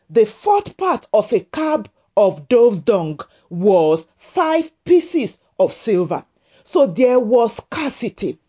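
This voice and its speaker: A woman preaching a sermon to women, with a slow, emphatic, repetitive cadence. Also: fairly high pitch, warm tone, muffled recording.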